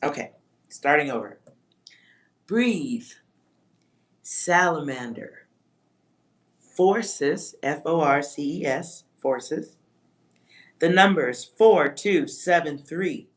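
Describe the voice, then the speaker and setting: Lady doing a slow psychic reading on a livestream, muses along, spells words out, swears now and then. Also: low voice, expressive. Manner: slow, musing, reads words and spells them out, swears offhand. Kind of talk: live-stream reading to chat.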